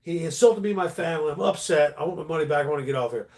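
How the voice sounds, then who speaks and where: A man's voice: on the high side, rapid-fire, darkish tone, lightly acted. A man voicing an offended woman passenger who complains indignantly.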